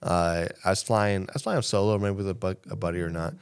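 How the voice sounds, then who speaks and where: A man's voice: sits low, fairly quick, vocal fry, smooth. A man co-hosting a casual podcast, telling a story with profanity and acting out the people in it. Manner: animated storyteller, profane, acts out quotes. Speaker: podcast co-host.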